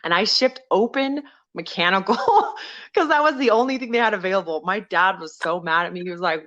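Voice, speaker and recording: A woman guest on a podcast, telling her own story casually and acting out the people in it with big pitch jumps. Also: fast talker, dull audio. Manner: animated, acts out quoted people with sudden jumps in pitch. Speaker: podcast guest, veteran and former firefighter.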